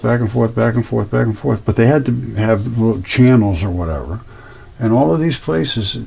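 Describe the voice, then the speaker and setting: A man's voice: medium pitch, gravelly, darkish tone, husky. A man hosting his own channel, talking casually and earnestly over images, rambling and repeating himself. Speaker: host.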